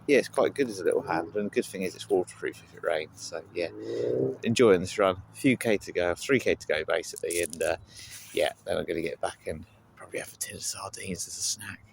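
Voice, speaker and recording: Holding a phone outdoors on a seaside promenade, a man vlogs casually in a deep, gravelly voice at a slightly quick pace. His chatty talk rambles and is packed with fillers. The low-quality recording carries loud background noise from outside.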